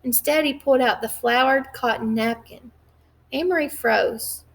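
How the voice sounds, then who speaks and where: A woman reads a novel aloud at a measured pace, now and then stumbling and restarting a phrase. Her voice sits a little high and carries some gravelly fry. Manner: measured, occasional slips and restarts. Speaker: reader.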